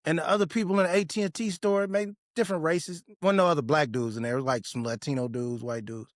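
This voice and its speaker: Talking fast in a fairly high voice, a podcast host shares a personal story in a casual, blunt way packed with street slang and swearing. He becomes animated when recounting confrontations. The recording is dry and studio-clean.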